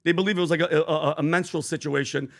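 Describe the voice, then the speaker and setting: A man co-hosting a podcast, talking casually and slipping into animated, preachy storytelling. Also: on the high side, fast talker. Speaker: podcast co-host.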